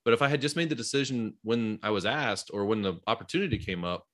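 Guy with a lowish voice chatting on a podcast, tells stories about his kids, lots of um and like. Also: fast. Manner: animated storyteller, lots of fillers. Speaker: podcast host; parent with business background. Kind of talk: casual conversation.

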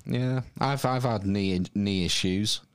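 A man's voice: on the low side, takes it slowly, smooth, no room sound, studio quality. A man with a Northern English accent chatting casually on a podcast, hesitant with plenty of ums and restarts. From Northern England. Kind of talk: casual chat.

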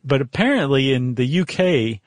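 An American man in casual podcast chat, talking in a loose, joking way with a medium pitch. The sound is dry and close, with no room around his voice. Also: lively intonation, dry recording. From United States. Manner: chatty, quick asides and jokey guesses. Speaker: podcast co-host.

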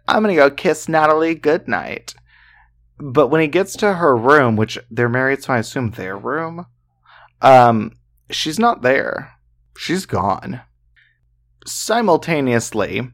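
A man co-hosts a podcast and tells a true-crime case in a relaxed, conversational way. He talks at a middling pitch and peppers the story with fillers and casual swearing. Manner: chatty, profane, full of fillers. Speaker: podcast co-host.

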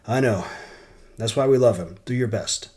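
A man's voice: medium pitch, moderate pace, darkish tone, close to an everyday voice. A man voicing a male newspaper owner who is stressed and evasive. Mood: tense.

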